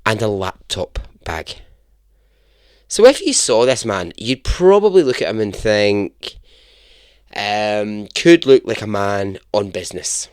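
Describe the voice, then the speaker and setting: A man's voice: fairly low pitch, no echo, studio quality. A man hosting a podcast, telling a true story in a chatty, self-deprecating way and chuckling at his own jokes. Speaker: podcast host. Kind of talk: casual storytelling narration.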